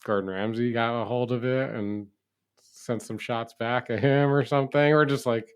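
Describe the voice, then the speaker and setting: A man's voice: mid-range voice, fairly even intonation, normal speed, clear, resonant tone. A man co-hosting a podcast in casual chat, talkative, swearing offhandedly and packing his sentences with "like". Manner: chatty, swears, many "like" fillers. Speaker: podcast co-host.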